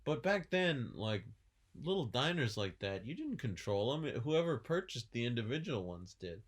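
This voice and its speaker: A podcast co-host chats casually in a mid-range, sing-song voice at a moderate pace. He jokes around and slips into silly voices for his bits.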